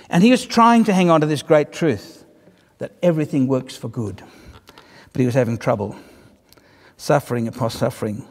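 A male preacher with a fairly high voice tells a story from the pulpit, easy and conversational, slipping in dry humorous asides. His words ring out with the long reverb of a large church hall. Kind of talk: sermon.

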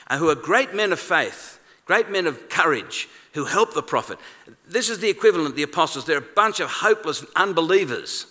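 Bright animated preacher in a hall. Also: male voice. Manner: animated, conversational, acts out quoted lines with rising pitch. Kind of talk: sermon. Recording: long reverb of a large hall.

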